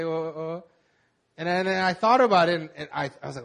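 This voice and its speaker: Young male pastor, high voice, casual halting sermon, candid and personal. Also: animated, creaky, a bit bright. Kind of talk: conversational sermon.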